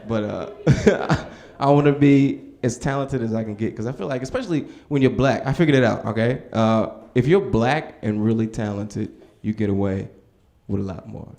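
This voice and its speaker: A man's voice: lowish voice, normal speed, gravelly, a little mellow, echoey room. A young man performing a stand-up set in a club, telling stories in a laid-back way and acting out other voices. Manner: laid-back storytelling, acts out voices, laughs at own jokes. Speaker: stand-up comedian. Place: comedy club stage with audience.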